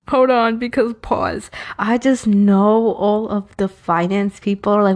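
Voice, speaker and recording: A woman from New York with a New York accent, hosting a casual advice talk in a chatty, animated way that drifts into playful self-mocking tangents. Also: mid-range voice, unhurried, few pauses. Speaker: host of an Islamic advice podcast.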